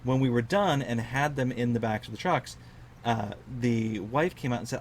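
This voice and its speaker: A tired man losing his voice, casually telling a collecting story to camera in an unhurried, chatty way. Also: medium pitch, a little hiss or hum. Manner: chatty, unhurried, repeats figures for emphasis. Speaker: collector vlogger.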